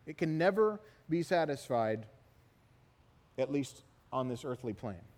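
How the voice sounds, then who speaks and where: A middle-aged man preaching a sermon, telling stories in an animated way and often asking "right?". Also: mid-range voice, measured pace. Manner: animated storytelling, repeated "right?" tags. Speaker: pastor. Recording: long hall reverb.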